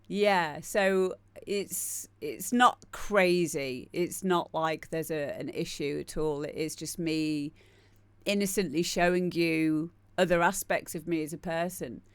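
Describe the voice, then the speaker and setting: A woman's voice: lowish voice, slow, clear, resonant tone, no room sound. A young adult woman, a streamer and music producer, rambling casually to her viewers and often restarting her sentences. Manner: rambling, self-deprecating, frequent restarts. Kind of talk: casual live-stream chat.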